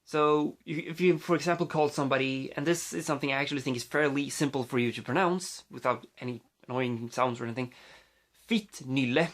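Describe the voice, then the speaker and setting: A man from Sweden with a Swedish accent talks straight into his phone's mic. He rambles loosely, restarting his sentences and padding them with fillers, at an ordinary pitch for a man. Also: fast, few pauses, fairly bright tone. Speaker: vlogger. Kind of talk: casual rambling vlog.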